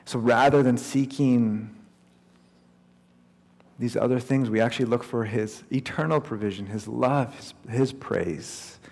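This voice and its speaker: Male pastor, conversational storytelling sermon, mid-pitched voice, long hall reverb. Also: unhurried, vocal fry, a little mellow.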